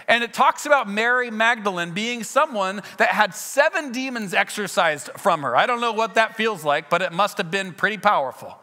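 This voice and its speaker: A man preaching a sermon in a church, retelling scenes with lively acted dialogue. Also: high voice, moderate pace, hardly any pauses, long reverb tail. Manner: earnest storytelling, acting out scenes with shifts in loudness. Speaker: pastor.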